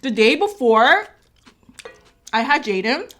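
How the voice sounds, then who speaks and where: Chatty vlogger mom with a somewhat high voice, telling a story while eating, loose and rambling. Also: female voice, sing-song, slow, background noise. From Korea. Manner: rambling, chatty, filled with "like" and "right?". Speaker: vlogger and mother. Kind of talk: casual mukbang storytelling.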